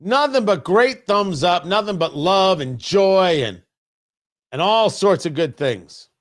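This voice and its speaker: A man hosting a live-streamed talk show, his voice pitched high and leaping around with lively swings. He teases his chat viewers in animated banter, then stumbles through halting restarts when he turns to serious points. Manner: halting, restarts mid-sentence. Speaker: host.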